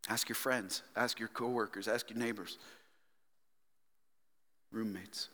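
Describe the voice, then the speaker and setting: A male pastor preaching a sermon earnestly, moving from hushed whispers to fervent exhortation. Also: fairly low pitch, fairly even intonation, slow pace. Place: church sanctuary. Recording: reverberant church hall.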